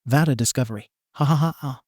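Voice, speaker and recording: A man's voice: medium pitch, a little fast, dark tone, no echo, studio quality, lightly acted. A man voicing a mischievous teenage boy with cartoon powers in a storybook reading, theatrical and mocking.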